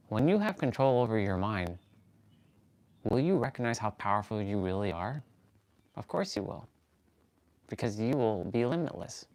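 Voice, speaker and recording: Man, lowish voice, earnest motivational talk, rambling and self-correcting, soft music behind. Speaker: fitness and motivation livestream host. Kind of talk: motivational talk while stretching.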